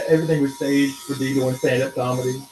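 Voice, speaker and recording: A man's voice: medium pitch, steady tone, brisk, a little mellow. Laid-back man in an echoey room. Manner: laid-back, short reactions and questions. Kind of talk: casual chat. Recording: echoey room, faint noise.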